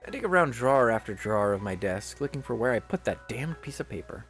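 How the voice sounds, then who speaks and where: A man reading a visual novel aloud as its narrator, expressive and chatty, breaking off into jokey asides. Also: mid-range voice, fast, faint music behind. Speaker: visual novel reader, channel host.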